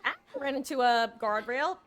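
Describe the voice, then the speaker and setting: A woman streaming a game live, chatting casually with viewers, self-mocking and breaking into excited bursts. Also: a little high, moderate pace.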